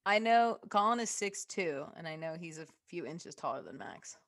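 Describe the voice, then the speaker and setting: A woman's voice: on the low side, animated, normal speed, a bit bright. A woman co-hosting a podcast in casual chat, teasing and talkative. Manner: teasing, chatty.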